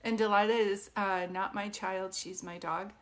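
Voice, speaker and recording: A woman's voice: medium pitch, fairly even intonation, normal speed. A woman hosting a casual livestream at home as a psychic medium, chatting and reading viewer comments aloud to greet people by name. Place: at home with her dog. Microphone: phone livestream.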